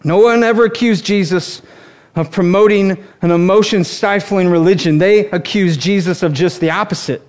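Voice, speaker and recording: A married man preaching a sermon, humorous and animated, acting out quotes as he teaches. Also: high voice, normal speed. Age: adult, married. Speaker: pastor.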